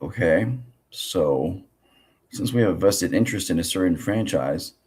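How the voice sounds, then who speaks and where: Deep-voiced hoarse man hosting a podcast. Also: expressive, measured pace, darkish tone. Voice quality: froggy, gravelly. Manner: rambling, with many fillers and restarts. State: hoarse from a cold. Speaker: podcast host. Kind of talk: casual podcast chat.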